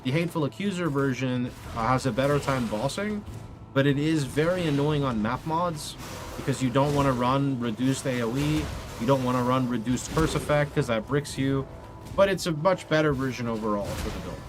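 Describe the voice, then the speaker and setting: A man's voice: mid-range voice, moderate pace. A man streaming a game live, chatting casually and answering viewer questions. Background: background music.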